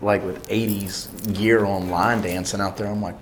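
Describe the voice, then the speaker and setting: A man, a singer telling lively anecdotes in an interview, acting out the voices of the people he quotes and laughing often. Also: lowish voice, normal speed, crowd noise. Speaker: singer and bandleader. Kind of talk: animated storytelling in an interview.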